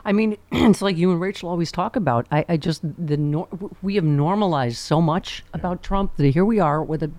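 Chatty radio host lady, low voice, laughs a lot, dry studio mic. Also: a little fast, hardly any pauses, a little mellow, no echo. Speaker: radio talk show host. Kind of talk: casual radio interview.

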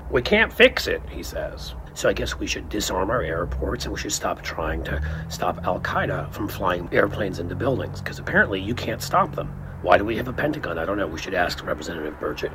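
A man's voice: low-pitched, expressive, fairly quick, few pauses, noisy background. A man delivering scornful, emphatic political commentary in a video.

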